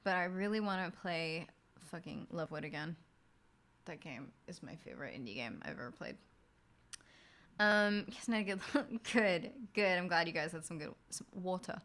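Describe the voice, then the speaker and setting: Bright-voiced young woman swearing casually. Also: on the low side, lively intonation, normal speed. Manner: frank, swears a lot, rambling storyteller. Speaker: streamer. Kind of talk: casual late-night stream chat.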